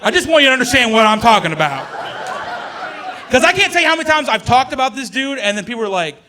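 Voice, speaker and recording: A man's voice: extremely high pitch, very animated, quick pace, noisy background. A male stand-up comedian telling jokes on stage, chatty and self-correcting, often laughing through his lines. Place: comedy stage before an audience.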